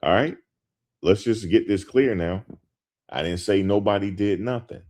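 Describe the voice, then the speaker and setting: A man's voice: fairly low pitch, measured pace, a little mellow. A man hosting a show, talking casually and emphatically to his viewers, repeating his points with lots of slang. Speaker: host.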